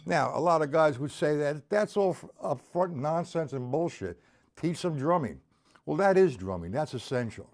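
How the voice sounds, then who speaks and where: A male drum teacher on a live stream, with a lively, up-and-down delivery and a mellow, warm tone. He explains things step by step in a blunt, casual manner and addresses his viewers by name. Faint drums sit in the background. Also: on the high side, moderate pace, highs cut off, faint music behind. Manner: blunt and informal, with the odd curse.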